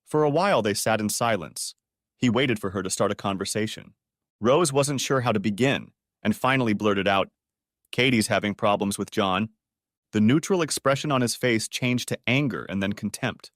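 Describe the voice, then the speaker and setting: A man narrating a dramatic story in a steady, scripted reading. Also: fairly low pitch, moderate pace, no room sound, studio quality. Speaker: audiobook narrator.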